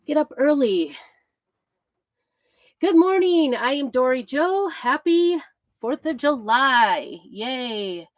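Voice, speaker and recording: A woman's voice: on the high side, dry recording. A middle-aged woman hosting a live crafting stream, chatting casually with viewers, greeting them by name, with lots of fillers and a slightly breathless delivery. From Idaho, USA. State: a bit out of breath. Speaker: crafting livestream host. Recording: dull, slightly lo-fi sound.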